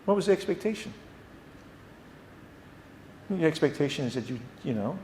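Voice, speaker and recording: A man teaching a theology class at a church. He talks in an animated way and often repeats words. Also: on the high side, fairly quick, gravelly, pauses often, roomy sound, slight background noise. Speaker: Bible teacher.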